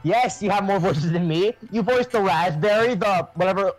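A man's voice: high voice, moderate pace, no room sound, soft background music. A man in a group let's play, joking in mock-wounded casual chat.

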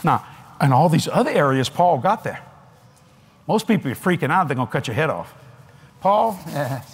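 An older man with a drawl preaches to a big convention crowd, his husky voice sitting a little high for a man. He swings his pitch up and down with great animation. He tells it folksy, with little laughs and asides. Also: very animated, moderate pace. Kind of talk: sermon. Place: large convention hall.

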